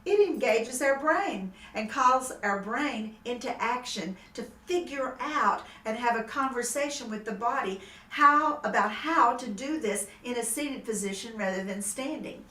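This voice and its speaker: High-voiced woman leading an exercise class. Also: a little slow, few pauses. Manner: gentle, explanatory, then animated emoting. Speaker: movement instructor. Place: room with music playing. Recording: echoey room, mic at a distance, music behind.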